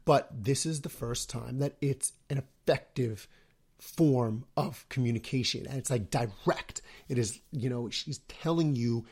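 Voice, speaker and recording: A man's voice: mid-range voice, unhurried, a little mellow, slightly rough. Rambling man hosting a chatty podcast. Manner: rambling, with many restarts and fillers. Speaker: podcast host. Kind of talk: casual chat.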